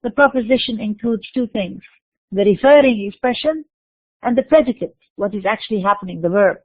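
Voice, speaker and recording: A woman teaches a university class, working through each point and asking questions she then answers herself, with repeated restarts. Her voice sits at a middle pitch. The recording is dry and tinny, as if heard over a phone line. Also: expressive, brisk, no room sound. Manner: explanatory, repeats words and restarts, asks and answers own questions. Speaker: lecturer. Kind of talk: university lecture.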